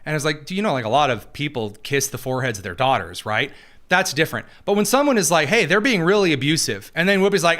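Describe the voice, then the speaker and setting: A man's voice: fairly high pitch, lively intonation, fast talker, a bit bright. A man hosting casual political commentary, sarcastic and jokey, with frequent fillers and asides.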